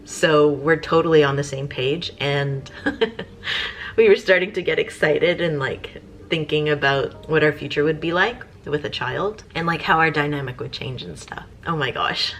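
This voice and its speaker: Low-voiced woman vlogger chatting casually. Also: unhurried, fairly bright tone, slight background noise. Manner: chatty, rambling with fillers. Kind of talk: casual chat.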